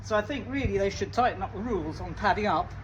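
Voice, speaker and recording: An Italian cricket vlogger with a high voice talks fast and casually about cricket outdoors on a windy day, demonstrating shots. He rambles, pokes fun at himself, and trails off mid-sentence. The mic is distant and the sound dull, with wind and traffic noise.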